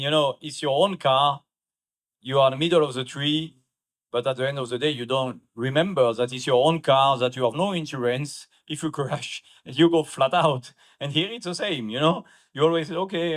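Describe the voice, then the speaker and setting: A man with a French accent answering interview questions as a racing driver, in relaxed, halting phrasing. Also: medium pitch.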